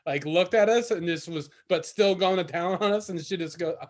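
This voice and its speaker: A man with a fairly high voice tells a long anecdote on a casual podcast. He stumbles, restarts and rambles as he builds the story. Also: normal speed. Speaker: podcast co-host.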